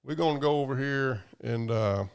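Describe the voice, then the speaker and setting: Gravelly yet clear, this man's medium-pitched voice has a resonant tone and a moderate pace. As a livestream host, he reads viewer comments while chatting in a casual, profane, rambling drawl.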